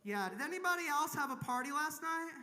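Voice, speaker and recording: A woman's voice: high voice, animated, brisk, heavy background noise. A woman from Kentucky doing a crude, self-mocking stand-up comedy set on a convention main stage, laughing at her own jokes. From Kentucky, USA.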